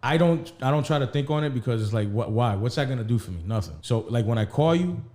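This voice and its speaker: A man's voice: medium pitch, expressive, quick pace, darkish tone. Candid, profane man in his thirties. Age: 30s. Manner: candid, profane, acts out quoted dialogue. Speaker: podcast co-host. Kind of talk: casual chat, storytelling.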